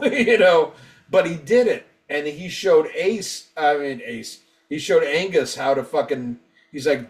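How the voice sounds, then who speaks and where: A man's voice: medium pitch, expressive, moderate pace. A man co-hosting a casual album review, rambling and swearing freely, acting out quotes from band members. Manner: profane, rambling, acts out quotes. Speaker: podcast co-host.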